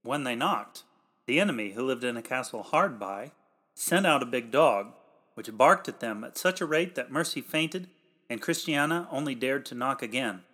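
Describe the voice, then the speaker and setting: Male preacher reading a formal sermon, mid-pitched voice, emphatic pulpit delivery that swells on the calls to act. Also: animated, moderate pace. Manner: emphatic, swells louder on exhortations; old-fashioned formal pulpit diction. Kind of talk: read sermon.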